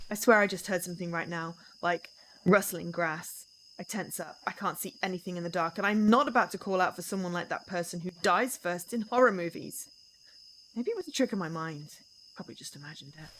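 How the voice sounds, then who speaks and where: A young adult woman streaming a visual novel, reading the story aloud in an expressive, dramatic first-person voice. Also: on the low side, slight background noise, rough recording.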